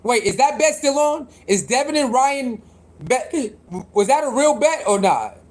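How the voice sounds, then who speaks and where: A man's voice: extremely high pitch, lively intonation, unhurried. A man hosting a casual livestream, talking loosely in slang and repeating himself as he reacts to boxing news. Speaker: livestream host.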